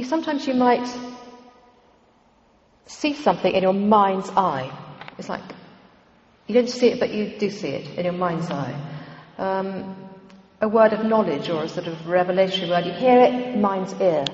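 A woman's voice: medium pitch, moderate pace, long pauses, darkish tone. A woman giving an informal church teaching talk on prayer, conversational and meandering, with frequent ums and asides. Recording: dull, echoey hall recording.

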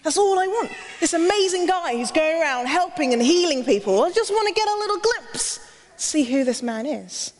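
A woman's voice: very high voice, very animated, moderate pace, long reverb tail, a little hiss or hum, voice pushed up. A woman voicing a small, eager man who squeals and exclaims. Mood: longing.

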